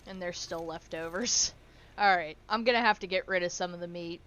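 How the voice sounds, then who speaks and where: Woman game streamer, crisp clear tone, casual swearing, chats to her pets. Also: on the low side, moderate pace, a bit bright. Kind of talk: casual gameplay commentary.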